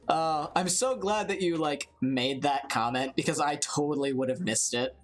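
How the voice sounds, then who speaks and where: A woman's voice: rumbling low, lively intonation, moderate pace, few pauses, soft background music. A woman hosting a let's play, chatting casually and reading game dialogue aloud in a giggly, self-mocking way.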